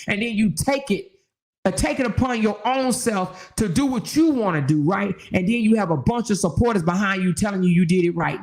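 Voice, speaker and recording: An older woman hosts a casual livestream chat as the channel host, speaking briskly and emphatically with lively intonation, preaching and rising into exhortation. Her medium-pitched voice has a darkish tone, she's conversational and full of "you know" asides, and faint music plays behind her.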